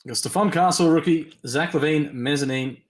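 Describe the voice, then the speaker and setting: A man's voice: a little high, reverberant. Tired man hosting a card break. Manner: chatty, reads team names and cards in quick lists. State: tired and yawning. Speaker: trading card break host. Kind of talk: live-stream card break commentary. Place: at a desk during a live stream.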